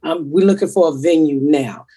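A woman's voice: sits low, normal speed, mellow, breathy edge. A woman hosting a podcast, talking in a blunt, profane, rambling way. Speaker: comedian podcast host. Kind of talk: casual podcast chat.

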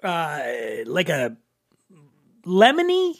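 A man's voice: high voice, huge pitch swings, very slow, no echo, clean studio sound. A man from Philadelphia with a Philadelphia accent, hosting a casual whiskey tasting chat, joking and restarting often. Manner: chatty, joking, many restarts. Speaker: podcast host.

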